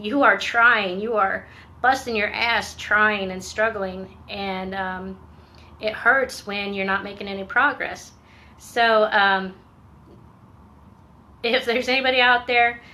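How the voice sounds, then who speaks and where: A woman speaking in a candid personal vlog, with a voice of ordinary pitch for her sex. She is earnest and reflective, often pausing, trailing off and restarting as she works through her thoughts. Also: pushed and bright, slight background noise. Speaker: veteran finishing a PTSD treatment program.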